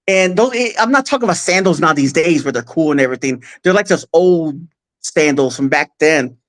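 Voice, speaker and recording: Male guest, heartfelt and halting storyteller with plenty of restarts, speaking close into a podcast mic. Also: on the high side, animated, fairly bright tone. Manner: halting, full of restarts and fillers; earnest and emotional. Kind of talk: casual personal storytelling.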